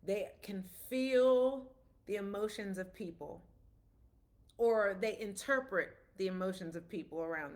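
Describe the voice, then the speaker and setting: A woman, a parent, giving a casual explanatory talk about autism, telling stories with quoted dialogue in a conversational way. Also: medium pitch.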